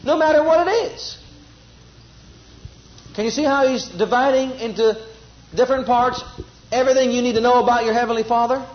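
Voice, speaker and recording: A man's voice: very high voice, lo-fi sound. A man preaching a sermon, repeating phrases with emphasis and leading the congregation in spoken responses.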